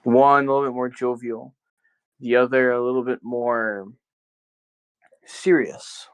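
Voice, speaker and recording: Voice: medium pitch, steady tone, unhurried, clean tone, low-quality recording. A game master narrating a tabletop game in a casual way, with loose phrasing and lots of fillers.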